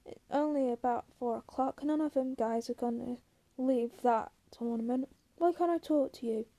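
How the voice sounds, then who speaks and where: Woman reading as lonely young ranch wife, coaxing and bitter, high soft voice. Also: moderate pace, close to an everyday voice.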